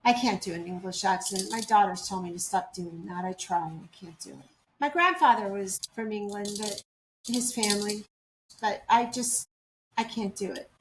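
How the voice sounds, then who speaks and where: A woman's voice: mid-range voice, normal speed, echoey room, noisy background. A woman running a casual tarot channeling session, asking spirits questions and reporting their answers. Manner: chatty, asks questions then reports answers.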